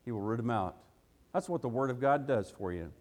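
In a church sanctuary, a man preaches an evening sermon, folksy and emphatic, firing off rhetorical questions, saying "gotta" and "ain't," and punctuating points with "hey." His medium-pitched voice is animated and fairly quick, with a darkish tone. The hall's long reverb trails every word.

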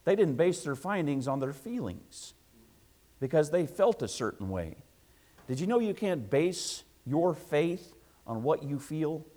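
A man preaching a sermon to a congregation, emphatic and repetitive, swinging between loud passages and hushed asides. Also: on the high side, very animated, unhurried.

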